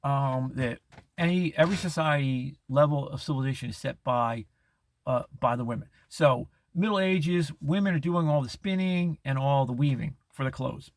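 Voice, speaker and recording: A middle-aged man hosting a podcast, talking in a rambling monologue with many restarts and false starts. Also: dry recording. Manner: halting, many restarts, mocking falsetto impressions. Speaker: podcast host.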